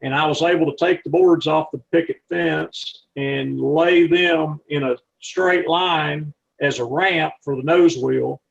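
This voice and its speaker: Gravelly folksy man telling flying stories. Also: on the high side, fairly even intonation, measured pace, few pauses, dull audio. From not from Texas. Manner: rambling, folksy, frequent restarts. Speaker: aviator and aircraft mechanic giving a talk. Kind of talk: anecdotal storytelling talk with slides.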